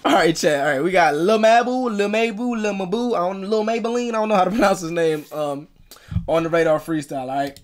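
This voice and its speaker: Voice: medium pitch, quick pace, slight background noise. A reaction video host commenting casually, laughing often and repeating phrases in slangy talk.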